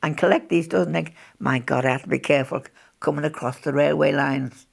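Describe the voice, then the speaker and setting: A woman's voice: low-pitched, steady tone, a little fast, gravelly, breathy edge. A woman, chatting as she recalls wartime memories in an interview and laughing often. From Birkenhead, England. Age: 80s.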